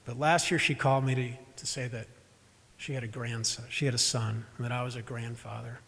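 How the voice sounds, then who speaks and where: A man's voice: medium pitch, little pitch movement, a little fast, creaky, a bit bright, breathy edge. A man quoting an older man who has just become a grandfather, speaking plainly and earnestly in his own voice. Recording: echoey church hall.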